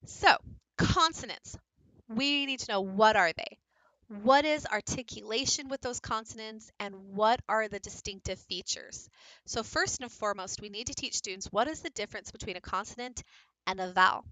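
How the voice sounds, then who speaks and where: Bright-voiced woman teaching phonics. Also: a little high, moderate pace, dry recording, low-quality recording. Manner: explanatory, practical, addresses teachers directly. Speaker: teacher presenting a book study. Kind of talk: recorded lecture presentation.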